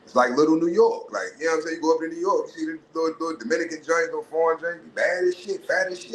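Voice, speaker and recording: A man's voice: on the high side, racing, hardly any pauses, a little hiss or hum, poor audio. Profane ranting man. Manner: profane, animated ranting with mocking put-on voices. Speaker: podcast host. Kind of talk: casual monologue.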